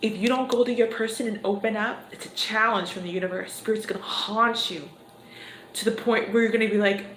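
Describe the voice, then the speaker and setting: Woman, tarot reader on a livestream, slow and chatty; roomy, noisy recording. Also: mid-range voice, fairly even intonation, a bit bright. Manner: unhurried, conversational, chuckles between cards. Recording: echoey room with background noise.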